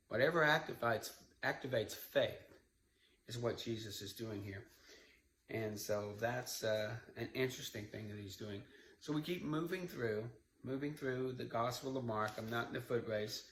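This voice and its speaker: A man's voice: mid-range voice, normal speed, a bit bright. A man giving an informal Bible study, retelling the story in a conversational way with asides. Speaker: Bible teacher. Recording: echoey room with faint background noise.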